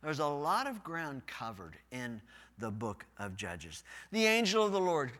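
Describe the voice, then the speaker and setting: Bright, animated preaching man in a hall. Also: a little high, a little slow. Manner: folksy, animated preaching that swells loud on key words. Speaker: pastor. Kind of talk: preaching a sermon. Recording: long hall reverb.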